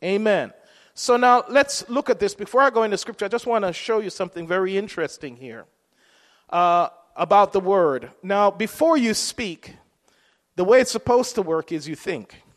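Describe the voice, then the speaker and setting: A man with a high voice delivers a sermon in a relaxed, conversational way. He keeps asking his listeners questions as he goes. His voice rings with a long reverb, as if it were recorded in a hall. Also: normal speed. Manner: conversational preaching, rhetorical questions. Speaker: preacher.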